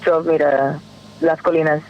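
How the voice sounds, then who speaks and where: A woman's voice: sits low, little pitch movement, moderate pace, lo-fi sound. A woman guest on a podcast telling a personal story in an earnest, emotional way, often restarting her sentences.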